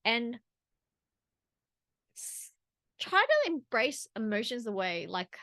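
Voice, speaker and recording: A woman's voice: a little high, very animated, slow, sharp tone, no room sound. A woman talking straight to camera in a personal vlog, earnest and rambling, with restarts and asides. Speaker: vlogger.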